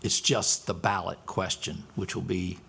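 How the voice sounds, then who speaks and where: A man's voice: deep voice, little pitch movement, measured pace, creaky, sharp tone, slightly rough. A man advising a county council, explaining the ballot steps plainly at a work session. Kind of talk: meeting discussion.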